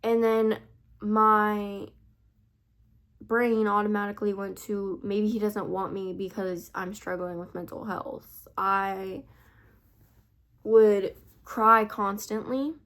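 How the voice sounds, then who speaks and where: A woman's voice: mid-range voice, steady tone, slow pace, fairly bright tone. A teenage girl telling a personal story in a confessional vlog, rambling and full of "like" and "I feel like". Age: teens. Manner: rambling, heavy use of "like" and "I feel like". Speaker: vlogger.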